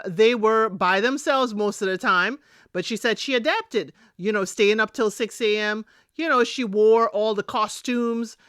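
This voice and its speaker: A woman's voice: dry recording, studio quality. A woman hosting a casual solo recap of a reality show, sassy and talking straight to her viewers. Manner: sassy, talks straight to viewers, animated swings in pitch.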